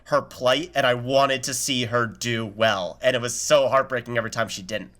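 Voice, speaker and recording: A man co-hosting a casual review podcast, giving thoughtful, measured opinions. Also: mid-range voice, fairly even intonation, fairly bright tone. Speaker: podcast co-host.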